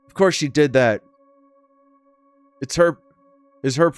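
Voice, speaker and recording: A man's voice: a little high, slow pace, pauses often, smooth, no room sound, faint music behind. A man hosting a gaming channel, reading a game's story aloud with casual, crude commentary and disbelieving asides.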